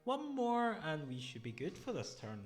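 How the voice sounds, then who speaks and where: Man, let's-play commentary, lively pitch, talks over game music, thinks aloud. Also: normal speed. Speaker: gaming channel host.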